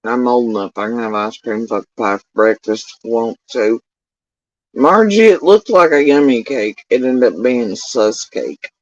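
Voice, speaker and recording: A man's voice: mid-range voice, no room sound. A middle-aged man livestreaming casual, meandering chat, often swearing. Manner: profane, meandering, drawn-out. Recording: dull lo-fi dry sound.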